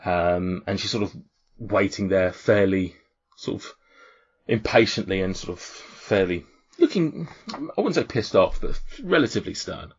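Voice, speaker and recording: A man's voice: deep voice, animated, measured pace, slightly rough. A man narrating a tabletop game as game master, rambling with fillers and restarts. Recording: dull lo-fi audio.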